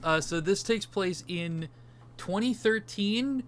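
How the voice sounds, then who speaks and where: A man with a smooth, clear, fairly high voice talks through a casual movie discussion. He rambles and swears freely as he chats with his co-host. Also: slow pace, fairly bright tone. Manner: rambling, swears casually, does silly beep noises. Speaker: podcast co-host.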